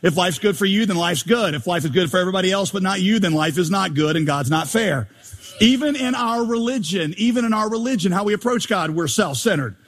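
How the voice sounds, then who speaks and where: Pastor, male, high husky voice, animated joking sermon delivery, long reverb. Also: a little fast. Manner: animated, joking, rhetorical questions.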